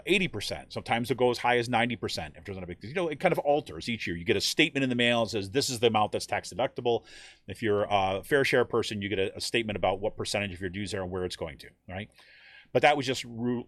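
A man's voice: mid-range voice, no echo, clean studio sound. A man, a teacher and union member, explaining things in a conversational way and often checking in with "right?". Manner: conversational, frequent "right?" check-ins, animated quoting. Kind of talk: explanatory talk.

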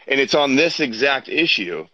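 A man's voice: medium pitch, very animated, moderate pace, bright, forceful tone, dry recording, highs cut off. A man out of breath as he walks outdoors, arguing insistently as a debate guest. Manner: insistent, argumentative. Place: outdoors, walking.

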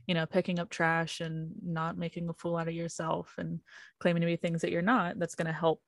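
A woman's voice: fairly low pitch, monotone, fairly quick, no echo. A woman from North Carolina, chatting easily as a podcast guest and laughing often. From North Carolina, USA. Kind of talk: casual chat.

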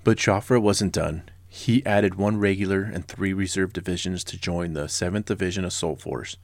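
Brief: a low-voiced man in his forties, a history podcast host, blunt and sarcastic, in a dry, close recording. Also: steady tone, normal speed, no room sound. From Southern California. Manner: sarcastic and blunt, with casual personal asides.

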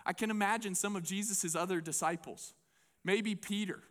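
Animated, high-voiced male preacher. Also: moderate pace. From United States. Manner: animated, conversational, with laughter. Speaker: pastor. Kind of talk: sermon. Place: church before a congregation.

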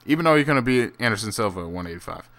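A man's voice: medium pitch, animated, rapid-fire, a bit bright. A man rambling through a casual, profane solo monologue with many fillers and restarts, turning incredulous and ranting at times. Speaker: solo fight commentator.

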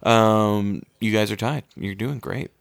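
A man's voice: lowish voice, a little slow, creaky, no room sound, clean studio sound. A man hosting a casual quiz game among friends, talking in a laid-back, hesitant way with lots of fillers and casual swearing. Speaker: quiz host. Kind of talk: casual podcast chat.

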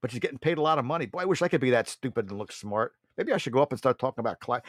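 A man's voice: medium pitch, lively intonation, racing, few pauses, no echo, clean studio sound. A man hosting a political talk show, delivering a blunt, mocking monologue and often calling his listeners folks.

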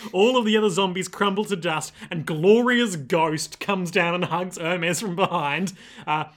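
A young man with a slightly high voice recaps an anime episode on a casual podcast. He tells the story in a laid-back way and laughs often. His tone stays easygoing throughout. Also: a little slow, fairly bright tone. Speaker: podcast co-host.

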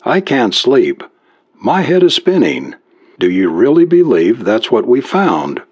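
A man lifting his voice high to play a frightened young woman, anxious and urgent, her questions tumbling out. The pitch swings widely and the tone is husky. It sits on a muffled, lo-fi recording. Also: big pitch swings, measured pace, darkish tone.

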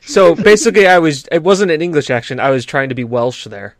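A man's voice: fairly high pitch, animated, fairly quick, dry recording, clean studio sound. A man co-hosting a gaming podcast in casual chat, rambling through stories, swearing freely and laughing often. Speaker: podcast co-host.

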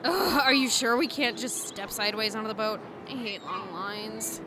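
A woman's voice: on the high side, normal speed, over music, natural voice. A woman acting in an audio drama, grumpy, blunt and sarcastic. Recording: clear background noise.

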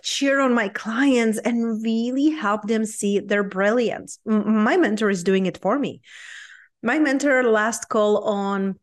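A woman with a Czech accent hosting her own podcast as a business coach, talking in an upbeat, earnest, motivational way. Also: medium pitch. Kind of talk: solo podcast talk.

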